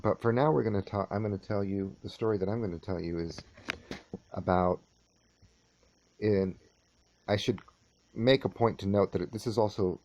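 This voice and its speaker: A man teaching a course, lecturing and telling a story in a measured, unhurried way with halting restarts. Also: deep voice, dark tone, lo-fi sound. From California.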